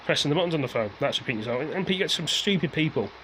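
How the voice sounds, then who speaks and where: A man's voice: on the high side, expressive, rapid-fire, a bit bright, a little hiss or hum, low-quality recording. A man ranting casually to his viewers, rambling and repeating himself as he airs his frustration. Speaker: vlogger.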